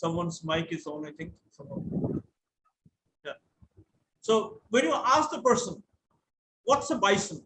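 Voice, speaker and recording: A man's voice: high-pitched, very animated, normal speed, long pauses, pushed and bright, reverberant, a little hiss or hum, poor audio. A man with an Indian English accent giving an online lecture, telling anecdotes and spelling words out letter by letter.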